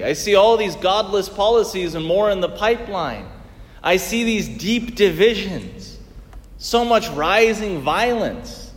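A man's voice: high-pitched, big-room sound. A man preaching a sermon in earnest tones, asking rhetorical questions and swinging his emphasis up and down.

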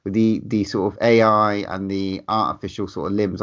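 A man's voice: on the low side, level tone, moderate pace, fairly bright tone, highs cut off. A man around forty co-hosting a casual podcast, swearing freely and gushing about horror film news. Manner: swears freely, laughs often, enthusiastic. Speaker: podcast co-host.

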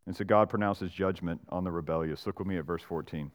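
A man's voice: sits low, quick pace, few pauses. A man who is a pastor, preaching an expository sermon in a conversational way, often tagging lines with "right?" and briefly acting out the people he quotes. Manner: acts out Bible characters and church members in voices.

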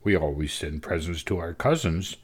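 Brief: deep-voiced man voicing a grumbling, world-weary boy in a storybook reading, low and sulky. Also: expressive, moderate pace, slightly rough. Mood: hesitant. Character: bored sulky teenage boy grumbling about Christmas.

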